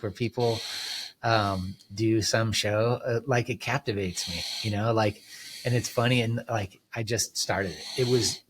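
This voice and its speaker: A man's voice: fairly low pitch, slight background noise. A middle-aged man chatting as a podcast guest in a laid-back, rambling way, full of "like" and "um". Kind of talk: casual chat.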